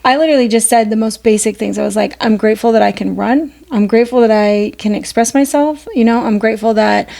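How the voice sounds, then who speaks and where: A woman's voice: on the high side, fast, gravelly, few pauses, mellow. A woman, co-hosting a podcast in a candid, casual chat, swearing freely. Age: 40s. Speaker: podcast co-host.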